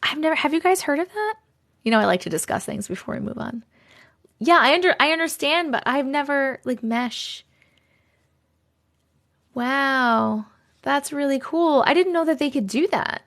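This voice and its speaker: A woman's voice: high voice, lively intonation, moderate pace, pauses often, fairly bright tone. A woman hosting a livestream, chatting casually and reading viewer stories aloud, chatty and effusive as she reacts to the chat.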